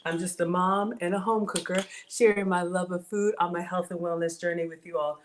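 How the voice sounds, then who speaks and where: Streaming from her home setup, a middle-aged woman runs a casual cooking livestream, greeting viewers by name in a playful, chatty way. Her voice is on the low side with fairly even intonation, she talks fairly quickly, and the background is noisy.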